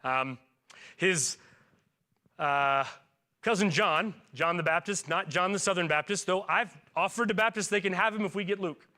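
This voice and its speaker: A pastor in his forties preaching a sermon in a relaxed, conversational way. He jokes and asks the congregation questions. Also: sits high, moderate pace. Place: church.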